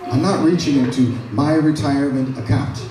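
A man with a Canadian accent, a pastor preaching a sermon, animated and casual as he reads scripture and retells it in plain words. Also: fairly high pitch, moderate pace, background noise. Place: large church hall. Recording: echoey hall, mic from far off.

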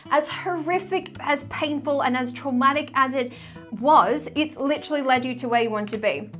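A woman's voice: high-pitched, fairly bright tone. A woman in her thirties who works as a spiritual coach, talking to camera in a personal, confessional vlog and leaning hard on the word "literally.". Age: 30s. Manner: heartfelt, confessional, repeats "literally". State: tearful, choked up.

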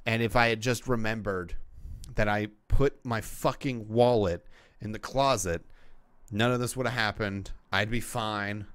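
A man's voice: on the low side, steady tone, measured pace, a bit bright, clean tone, no echo. A man hosting a solo podcast, chatting casually in a rambling way with lots of swearing and fillers. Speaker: podcast host. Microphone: podcast microphone.

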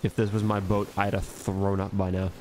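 A man's voice: deep voice, monotone, normal speed, a little mellow, a little hiss or hum. A man giving casual gameplay commentary, joking and rambling to himself as he plays. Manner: joking, rambling self-talk. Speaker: gaming video host.

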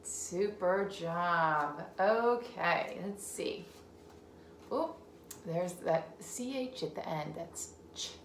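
Slow, encouraging woman teaching phonics. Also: fairly low pitch, expressive, echoey room, slight background noise. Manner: encouraging, sounds out words slowly and repeats them. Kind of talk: phonics game lesson for young children. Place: home room.

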